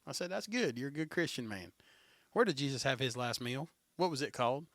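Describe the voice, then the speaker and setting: A man's voice: mid-range voice, a little fast, a bit bright, no echo, clean studio sound. A man hosting a podcast, chatting casually and telling stories with frequent laughs. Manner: chatty storyteller, laughs often. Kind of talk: casual chat.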